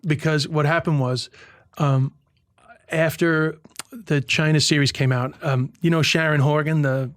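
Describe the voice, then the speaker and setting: A male stand-up comedian from Ireland, telling stories fast in casual podcast chat and swearing freely. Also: fairly high pitch, steady tone, dry recording, studio quality. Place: tent.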